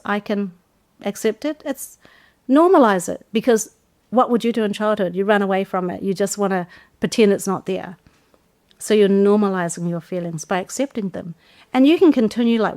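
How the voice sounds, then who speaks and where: A woman, a Christian life coach, giving a teaching talk and acting out example phrases as she goes. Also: mid-range voice. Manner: acts out example phrases, animated.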